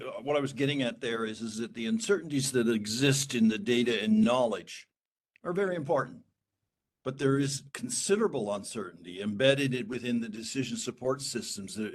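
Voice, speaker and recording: A man joining a workshop on a video call, measured as he explains his earlier comment. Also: medium pitch. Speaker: workshop participant.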